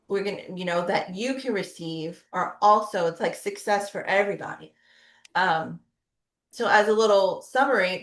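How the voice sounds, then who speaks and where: Chatty woman therapist in echoey room. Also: medium pitch. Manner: conversational, frequent tag questions. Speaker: pediatric physical therapist. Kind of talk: webinar presentation.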